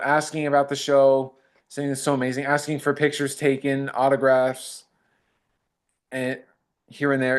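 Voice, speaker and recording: A man, an actor, talking modestly in a casual interview and retelling fan encounters with quoted dialogue. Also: medium pitch. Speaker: actor guest.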